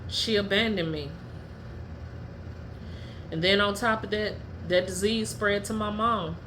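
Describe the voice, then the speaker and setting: Blunt, heated woman podcaster with a bright voice. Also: fairly even intonation, a little slow, slight background noise. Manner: drops low and quiet when telling family matters. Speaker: podcast host. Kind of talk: candid personal storytelling.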